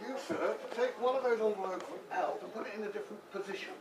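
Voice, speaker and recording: Older man doing jokey magic patter, high voice. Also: fast talker. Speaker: amateur magician performing tricks. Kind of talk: comic magic-show patter. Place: room with a live audience. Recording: echoey room, distant mic, background noise.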